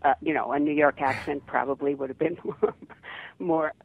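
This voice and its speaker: A woman's voice: low voice, fairly even intonation, moderate pace, gravelly, breathy edge, no echo. An older woman, an actress, chatting in an interview over the phone and laughing often. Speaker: actress guest. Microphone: telephone. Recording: tinny dry phone line.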